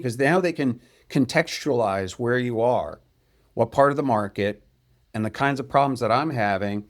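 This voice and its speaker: A man hosting a podcast, talking casually and working through his ideas step by step. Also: mid-range voice. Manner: thoughtful, explains ideas step by step. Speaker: podcast host. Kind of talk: casual conversational interview.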